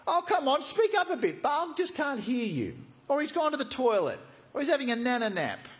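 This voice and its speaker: A scornful prophet jeers at his rivals in a voice that leaps high and loud, his pitch swinging wildly with each taunt. A male preacher puts him on mid-sermon. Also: huge pitch swings, a little fast, exaggerated voice. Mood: mocking.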